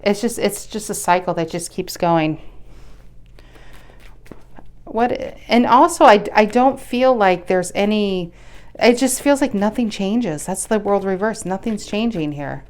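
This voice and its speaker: A woman giving a casual tarot reading with a smooth, resonant voice. She talks bluntly and chattily to her viewers, swears offhandedly, and often breaks off to restart her sentences. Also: medium pitch, unhurried, darkish tone. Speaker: tarot reader.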